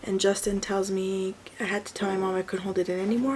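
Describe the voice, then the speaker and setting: A woman's voice: medium pitch, flat delivery, quick pace, a little mellow, slight background noise, rough recording. A woman in her thirties, a mother and vlogger, casually telling a personal story and correcting herself as she goes. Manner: chatty, self-correcting, rambling with fillers.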